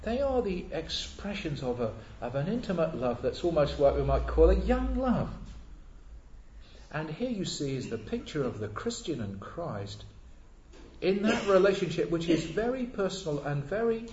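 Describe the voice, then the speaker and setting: An earnest preacher delivers a sermon, leaning on rhetorical questions and repeated key words. His fairly high voice swings widely in pitch. The recording is roomy and slightly muffled. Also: sing-song, normal speed, darkish tone, a little hiss or hum. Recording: echoey, dull lo-fi church recording.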